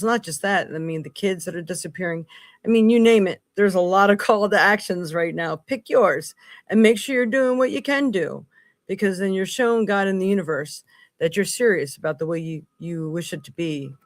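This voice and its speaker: A woman's voice: fairly low pitch, dry recording. Woman, psychic tarot host, earnest, emphatic, dry voice. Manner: emphatic, earnest, jumps between loud and hushed. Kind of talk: live tarot reading stream.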